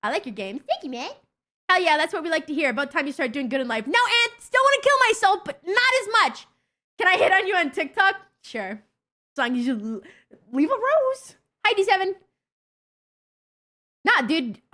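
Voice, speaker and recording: High, lively, foul-mouthed woman streamer. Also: normal speed. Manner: profane, blunt, excitable. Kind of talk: casual livestream chat with viewers.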